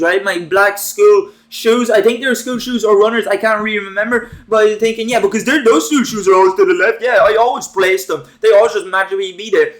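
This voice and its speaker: A man's voice: sits high, fairly bright tone. A young man telling a crude, rambling, self-mocking story from school, full of fillers and restarts. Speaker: storytime vlogger. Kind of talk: casual storytelling.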